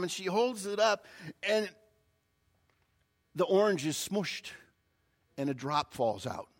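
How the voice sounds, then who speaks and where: A male pastor preaching a sermon, opening with a folksy, animated story. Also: on the high side.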